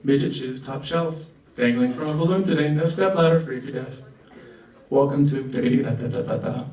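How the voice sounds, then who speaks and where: A man's voice: medium pitch, darkish tone. A young man from the American South performing a stand-up comedy set and acting out characters in raised voices. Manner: rapid asides, acts out characters in raised voices. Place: comedy club. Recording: roomy club audio from a distant mic.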